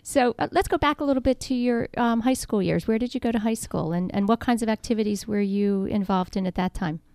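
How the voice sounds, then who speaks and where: A woman's voice: on the high side, a little fast, clean tone, no room sound. A woman hosting a local radio talk show, chatty and full of ums. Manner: chatty, warm laughs, many ums. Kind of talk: radio interview. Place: radio studio.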